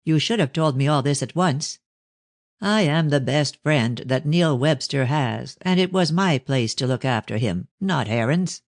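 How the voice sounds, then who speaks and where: A man reading an audiobook, voicing a stern, cold older gentleman speaking to his daughter. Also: on the high side, lively intonation, measured pace, no echo, studio quality.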